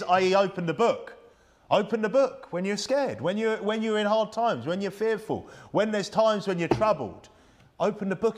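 A man with a high-sitting voice preaches a conversational Bible-study sermon. He asks plenty of rhetorical questions and reads old-style scripture aloud.

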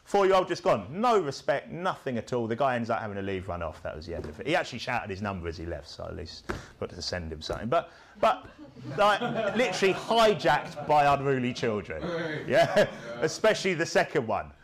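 A man's voice: medium pitch, sing-song, brisk, a crowd in the background. A man preaching a sermon, punchy and rhetorical, who keeps checking in with the congregation through tag questions.

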